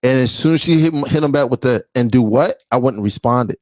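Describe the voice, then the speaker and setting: A man's voice: mid-range voice, brisk, dry recording. A man co-hosting a casual radio podcast, telling a story and acting out the quotes. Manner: animated storyteller, acts out quotes. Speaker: co-host. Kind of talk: casual chat.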